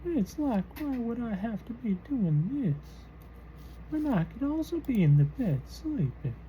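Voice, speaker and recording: Woman doing a croaky old-timer voice, high and thin, throaty, slow drawl. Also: sing-song, mellow, a little hiss or hum, poor audio. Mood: croaking. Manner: drawn-out, slowed speech.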